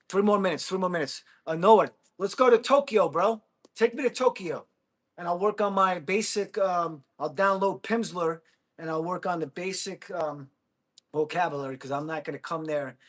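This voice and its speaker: An American man hosting a casual livestream, chatting with viewers, thanking them and whooping with excitement. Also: fairly high pitch, normal speed. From United States. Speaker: livestream host.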